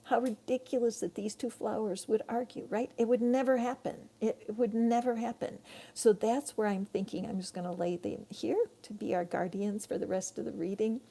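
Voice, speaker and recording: Woman, middle-aged, tarot reader, chatty and rambling, gravelly, mellow tone. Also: medium pitch, fairly even intonation, normal speed. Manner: chatty, rambling, warmly addresses viewers. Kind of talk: live-streamed tarot reading.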